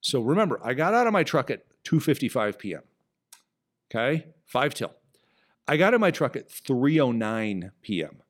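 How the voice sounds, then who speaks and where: A man hosting a business podcast, telling a story in an animated, emphatic way. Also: mid-range voice, normal speed. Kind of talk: storytelling monologue.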